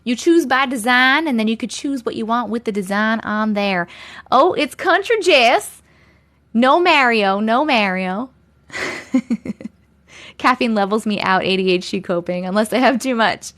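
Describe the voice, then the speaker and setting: A woman's voice: on the high side, normal speed, fairly bright tone. A woman from Long Island hosting a casual live stream from home, chatting with viewers, thanking them by name and laughing often. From Long Island, USA. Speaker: live-stream host reading chat.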